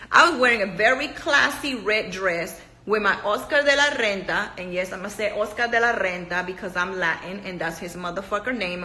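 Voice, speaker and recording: A woman's voice: medium pitch, sharp tone. A woman from Panama, ranting bluntly to camera in a casual, profane, emphatic way, repeating herself for force. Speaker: reality TV cast member. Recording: echoey room.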